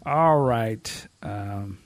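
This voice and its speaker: A man hosting a casual podcast chat, animated, often exclaiming and laughing. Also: on the low side, very slow. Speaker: host.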